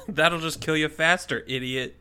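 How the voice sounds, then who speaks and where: A man throws quick jokes into a story being told. His voice is bright and crisp. He sounds loose and easygoing. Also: fairly high pitch. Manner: quick jokey interjections. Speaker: podcast co-host. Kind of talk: casual comedic banter.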